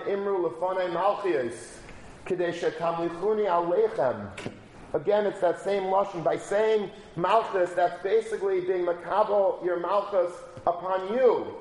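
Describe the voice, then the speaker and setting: A man's voice: high-pitched, normal speed, a little mellow. A man giving a casual Torah talk, telling a story and using many Hebrew and Yiddish terms. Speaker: rabbi. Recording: echoey room, faint ambience.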